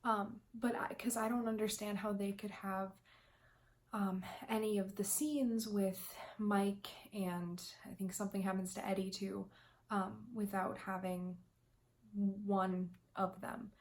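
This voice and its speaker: A woman's voice: medium pitch, steady tone, slow pace, darkish tone. A young woman vlogging her fan predictions in casual chat, talking in a loose, emotional way with lots of ums and restarts. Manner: chatty, emotional, many ums, tearful laughs.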